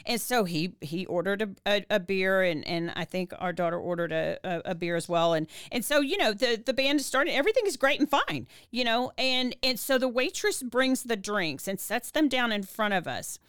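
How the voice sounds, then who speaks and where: Smooth-voiced woman telling a story. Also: normal speed, hardly any pauses, no echo, clean studio sound. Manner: animated, many restarts, pitch rises when reliving tears. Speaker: podcast co-host. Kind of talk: casual storytelling to her husband.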